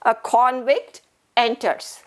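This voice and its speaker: A woman's voice: on the high side, fairly even intonation, slow. A woman teacher, explaining a story patiently, repeating herself and asking questions. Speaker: English teacher. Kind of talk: recorded classroom lesson.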